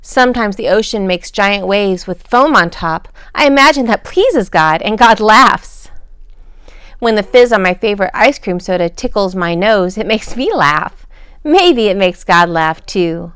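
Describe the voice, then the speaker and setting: A woman gently reading a children's picture book aloud at bedtime, pausing to ask the listener questions. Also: mid-range voice, lively intonation, clean tone, no room sound, clean studio sound.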